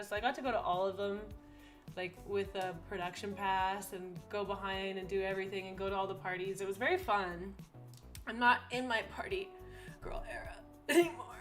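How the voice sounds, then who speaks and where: Young woman, streamer, casual chat, giggly, a bit high voice, faint music behind. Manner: chatty and giggly, acts out quoted voices.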